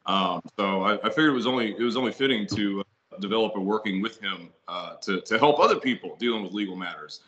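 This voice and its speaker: A middle-aged man with a lowish voice chats loosely as a podcast guest. He rambles, restarts his sentences and swears freely, heard over a video call. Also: fast, fairly bright tone, highs cut off. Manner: rambling, profane, many fillers and restarts. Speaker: guest, ritual seller. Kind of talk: casual podcast conversation.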